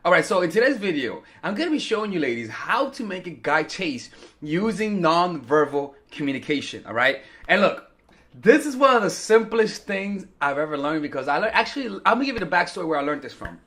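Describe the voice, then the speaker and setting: A man's voice: fairly high pitch, sing-song, brisk, a bit bright. A young man coaching women on dating in a casual, rambling, joking way, acting out quotes. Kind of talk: casual talking-head advice video.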